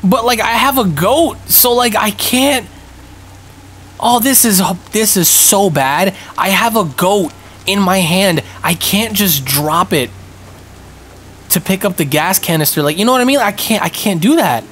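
A young man giving live commentary on a multiplayer game, excitable and panicky, yelping and throwing in a lot of slang. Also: sits high, a little slow, slight background noise. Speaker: gaming streamer.

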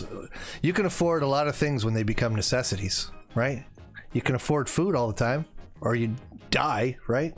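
A man in his forties hosting a casual gaming livestream, rambling and getting worked up as he chats. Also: mid-range voice. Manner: rambling, gets worked up, then apologizes. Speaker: livestream host.

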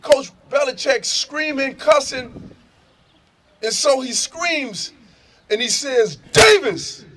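A middle-aged man, preaching and telling stories loudly to a prison crowd, shouting and laughing in street slang. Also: extremely high pitch, slow pace, pauses often, very noisy. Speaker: motivational speaker. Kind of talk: animated preaching and storytelling. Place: prison gathering space.

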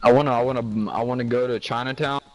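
A man's voice: mid-range voice, steady tone, fast talker, low-quality recording. A young man in casual chat on a gaming stream, crude and joking, often repeating himself and quizzing his friend.

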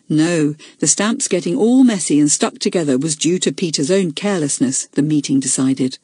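A woman narrating a children's audiobook in a clear, measured storytelling manner. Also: deep voice, mellow, dry recording.

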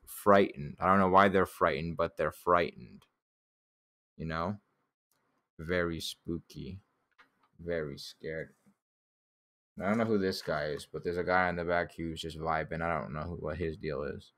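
Young man, low voice, unhurried, laid-back joking commentary with casual swearing. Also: fairly bright tone. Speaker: artist reviewing his childhood drawings.

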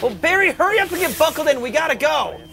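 High, lively, exasperated sketch-comedy man. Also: fast, creaky. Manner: exasperated, scolding shouts.

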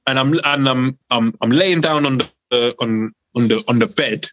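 The recording is muffled with a little hiss or hum as a young podcast guest from South East London, with a London accent, tells a story in an unhurried, mid-range voice. He keeps it casual and animated, acting out the other voices.

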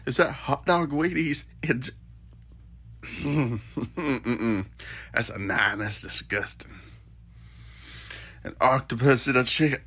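A man's voice: mid-range voice, takes it slowly, long pauses, bright, forceful tone, breathy edge. A man bluntly ranking food in a casual video, swearing and laughing at himself.

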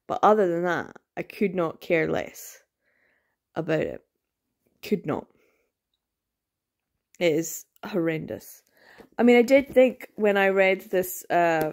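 A woman's voice: on the low side, darkish tone. A woman vlogger in a casual review, ranting in exasperation, swearing bluntly and repeating words for emphasis. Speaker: book vlogger.

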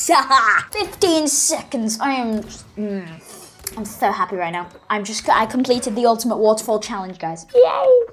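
Full of squeals and gasps, the commentary comes from a gaming video host playing through a game at a medium pitch and normal speed, using a desktop microphone.

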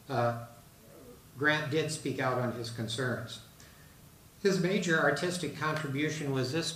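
A man giving a talk to an audience on an artist, pausing often with uh and um. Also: medium pitch, a bit bright, slight background noise. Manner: halting, with many uh and um fillers. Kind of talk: presentation to an audience. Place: hall in a retirement residence. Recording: roomy hall, mic at a distance.

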